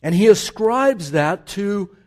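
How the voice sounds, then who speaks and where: This male preacher has a slightly raised voice. He shifts from near-hushed musing to loud, repeated declarations. His delivery is a steady sermon rather than casual talk. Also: sits high, slow. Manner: dynamic, swinging from hushed asides to loud emphatic build-ups; repeats words for emphasis.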